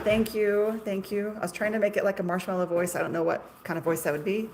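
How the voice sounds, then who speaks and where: A woman's voice: mid-range voice, level tone, quick pace, hardly any pauses, noisy background. A middle-aged woman, a shop owner, chatting casually on a livestream in a chatty, self-deprecating way and laughing often.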